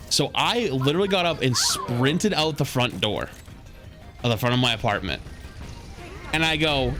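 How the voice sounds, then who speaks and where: A man's voice: medium pitch, sing-song, moderate pace, pauses often, a bit bright, faint music behind. A male streamer telling a story in a heated, profane, casual way.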